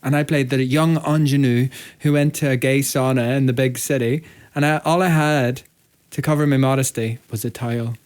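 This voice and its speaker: A man's voice: medium pitch, fairly even intonation, normal speed, a little mellow, smooth. Chatty man, easy mid-range voice. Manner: chatty, self-mocking, laughs often. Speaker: podcast co-host, musical theatre performer. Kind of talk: casual chat.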